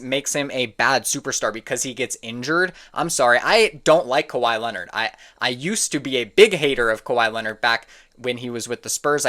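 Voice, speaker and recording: A man's voice: medium pitch, sharp tone. A man giving casual reaction commentary on sports opinions, opinionated and prone to getting heated and exasperated. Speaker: sports content creator.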